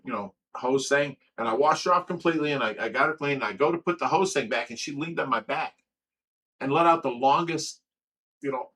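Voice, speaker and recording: A man's voice: on the high side, bright, forceful tone, breathy edge, far from the mic. A man hosting a livestream, telling a long personal story in a rambling way, stammering and repeating himself with lots of fillers. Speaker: livestream host of a fish rescue.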